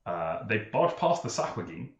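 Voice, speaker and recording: A man narrates a tabletop game as game master, his voice on the low side. He pauses and uses fillers while setting scenes, and the room echoes around him. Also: very animated. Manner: measured, hesitant, with many fillers.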